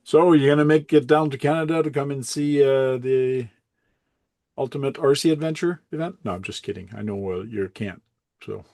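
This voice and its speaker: A man hosting a casual livestream chat, relaxed and rambling, often correcting himself as he goes. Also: mid-range voice, normal speed, gravelly, no room sound. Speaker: host.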